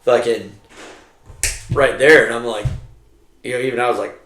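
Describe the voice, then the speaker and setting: A man's voice: mid-range voice, normal speed, slight background noise. A middle-aged army veteran man telling war stories in casual, heavily profane talk, acting out what people said. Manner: heavily profane, animated, acts out quotes. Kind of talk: casual storytelling over drinks. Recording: roomy echo.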